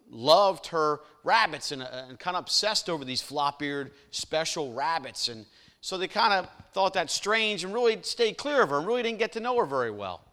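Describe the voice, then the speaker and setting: A man's voice: on the high side, bright, forceful tone, big-room sound. A man preaching an evening sermon, telling stories in a folksy, conversational way with many fillers and emphatic questions. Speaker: pastor.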